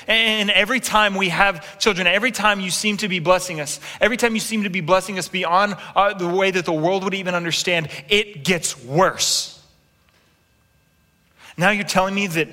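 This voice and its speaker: A man in his thirties preaching a sermon with animated storytelling, acting out quotes and making asides to his congregation. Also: high voice, normal speed. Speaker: pastor. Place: large church hall. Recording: long reverb in a big hall.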